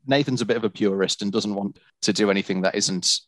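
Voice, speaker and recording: A British man talks casually as a podcast guest, often breaking into laughter and poking fun at himself. His voice sits fairly low and sounds dry and close. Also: quick pace, dry recording. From Britain. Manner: laughs often, self-deprecating.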